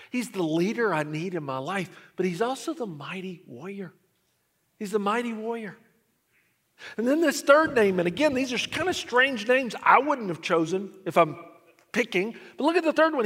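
A man preaching a sermon, telling a story and swinging between hushed lines and emphatic ones. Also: high-pitched. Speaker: pastor. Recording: long reverb of a large hall.

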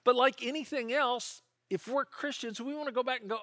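A man's voice: extremely high pitch, brisk, pushed and bright, no room sound, clean studio sound. A man preaching a sermon, earnest and conversational, with asides and quoted prayers. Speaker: pastor.

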